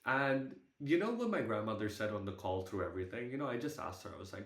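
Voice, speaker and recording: Young man telling a candid, halting story. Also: medium pitch, sing-song, a bit bright, echoey room. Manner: halting storytelling with casual swearing. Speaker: group call participant. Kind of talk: candid personal sharing. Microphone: video call.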